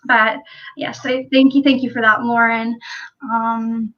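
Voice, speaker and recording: A woman's voice: on the high side, flat delivery, takes it slowly, dull audio. A woman hosting a casual livestream chat, talking in a chatty way and reading viewer comments aloud. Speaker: livestream host.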